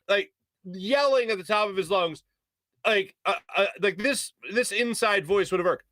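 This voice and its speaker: A male sports radio host, telling a story on air in an animated way. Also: high voice, moderate pace, no room sound. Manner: animated storyteller, mimics shouting voices. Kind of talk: storytelling on a sports talk show. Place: radio studio.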